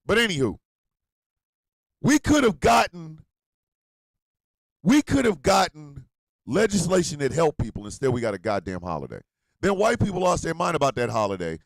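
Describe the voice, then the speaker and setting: A man hosting a radio show, ranting loudly and profanely, swinging between shouting and low muttering. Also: sing-song, normal speed, long pauses, dry recording. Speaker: host. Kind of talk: ranting commentary.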